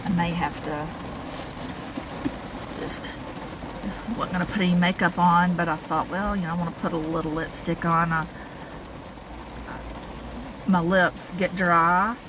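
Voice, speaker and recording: Speaking at a fairly low pitch in a steady tone, a little slowly and with long pauses, a woman vlogger chats to camera from a parked car. Her rambling talk has fillers and small laughs. It's raining, and the car interior is noisy with rain and car sounds.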